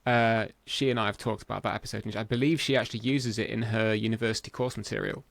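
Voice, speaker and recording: A podcast host with a gravelly edge to his voice, talking in a casual conversation. He sounds measured and emphatic, and the recording is dry and close. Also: fairly low pitch, fairly even intonation, no room sound.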